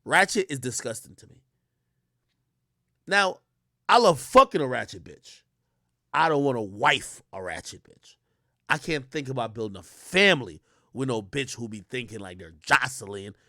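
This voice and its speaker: A man's voice: medium pitch, normal speed, pauses often, no echo, studio quality. A man streaming live, ranting casually in a profane, storytelling way. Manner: animated, profane, storytelling with quoted voices. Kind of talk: casual livestream rant.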